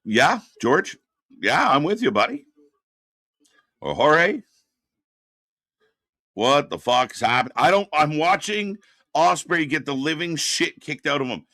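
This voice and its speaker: A man hosting a live wrestling watch-party stream, ranting with exasperation and profanity, then answering chat messages more calmly. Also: a little high, slow pace, long pauses, dry recording, studio quality. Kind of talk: live reaction commentary, reading chat.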